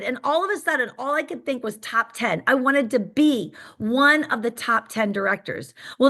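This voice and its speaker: High, bright woman. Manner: excited, emphatic storytelling with faith talk. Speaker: sales director giving a motivational talk. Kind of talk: motivational storytelling on a call.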